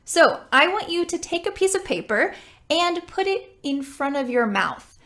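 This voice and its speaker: A woman teaching English pronunciation, speaking clearly and slowing down to model sounds for learners. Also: very high-pitched, big pitch swings, fairly bright tone. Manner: slow, deliberate modeling of sounds. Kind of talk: pronunciation lesson.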